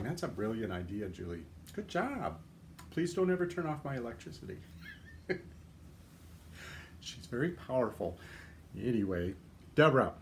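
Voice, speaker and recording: A man's voice: medium pitch, a little hiss or hum. A man talking through a casual livestream in an ordinary mid-range voice, chatty and easygoing. He answers viewer comments one after another and drops joking, self-deprecating asides as he goes. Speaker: livestream host.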